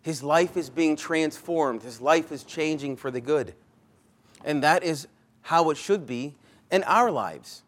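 A pastor delivering a conversational sermon, emphatic at points and often rephrasing himself mid-sentence. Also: male voice, a little high, animated, measured pace. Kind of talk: expository sermon.

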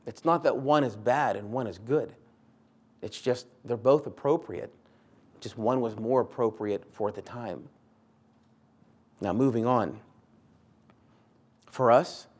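A man's voice: medium pitch, unhurried, pauses often, darkish tone. A man preaching a sermon in an earnest, conversational way, repeating short phrases for emphasis. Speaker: pastor.

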